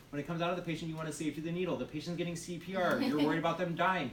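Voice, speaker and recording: A man's voice: on the high side, very fast, hardly any pauses, slight background noise. A man teaching nursing students in a classroom, drilling points through repetition and quizzing the class with questions. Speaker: nursing instructor. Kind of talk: classroom demonstration lecture. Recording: echoey room, mic at a distance.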